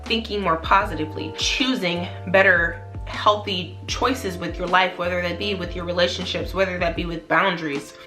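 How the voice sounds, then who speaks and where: A woman's voice: on the low side, fairly even intonation, normal speed, pushed and bright, faint music behind. A woman vlogger speaking to her viewers in an earnest, emphatic motivational talk, repeating phrases for emphasis. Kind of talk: heartfelt motivational talk to camera.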